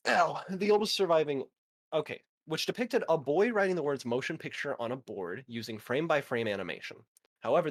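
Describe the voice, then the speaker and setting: A man in his twenties chatting casually with a friend, swearing now and then and reading facts aloud. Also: mid-range voice. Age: 20s. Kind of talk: casual chat.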